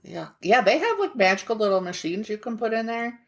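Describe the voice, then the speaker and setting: A woman's voice: a little high, very animated, brisk. A woman co-hosting a podcast in casual chat, chatty and frank with a wry edge. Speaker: podcast co-host.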